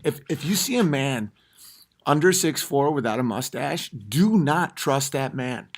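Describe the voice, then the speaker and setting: A man hosting a podcast from his home at night, ranting and swearing heavily, swinging between yelling and low muttering. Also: animated, unhurried. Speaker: podcast host. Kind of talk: comedic rant.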